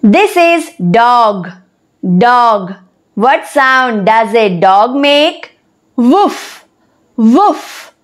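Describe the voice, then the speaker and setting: A woman narrating a children's lesson, speaking slowly and deliberately and spelling words out letter by letter. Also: a little high, lively intonation. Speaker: teacher.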